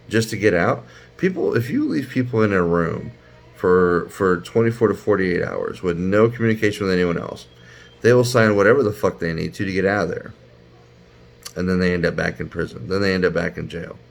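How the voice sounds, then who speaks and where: A man delivering an angry, profane commentary rant, his voice climbing to near-shouts. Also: sits low, creaky. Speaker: YouTube commentator. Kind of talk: ranting commentary.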